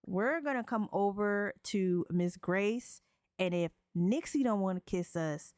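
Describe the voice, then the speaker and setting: A woman narrating a life-sim game let's play in a slangy, playful, animated way. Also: mid-range voice, measured pace, clean tone, no room sound, clean studio sound.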